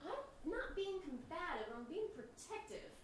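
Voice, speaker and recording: An actress on stage playing a protective, heartfelt grown daughter with a Southern accent, giving an emotional family speech. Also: female voice, extremely high pitch, very animated, measured pace, a little hiss or hum, heavily acted. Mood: fierce. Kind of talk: stage play acting. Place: stage in a small theater. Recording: echoey theater from far off.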